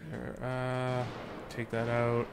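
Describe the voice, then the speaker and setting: With a gravelly, medium-pitched voice and a completely flat, slow delivery, a young let's play host from Sudbury, Canada comments on the horror game he's playing. There's slight background noise. He's jokey, but scares make him swear, panic, and yelp.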